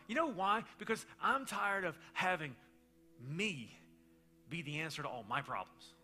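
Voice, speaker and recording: A middle-aged male pastor with a high, very bright, cutting voice delivers a chatty, storytelling sermon. He jumps from loud, excited bursts to quiet, hushed lines. Soft music plays faintly underneath. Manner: animated, conversational storytelling with quick swings between loud and hushed.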